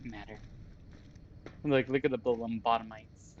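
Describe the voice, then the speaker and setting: A man's voice: medium pitch, fairly even intonation, moderate pace, highs cut off, slight background noise. A man streaming a game in a casual, joking way, chatting with his viewers and laughing often.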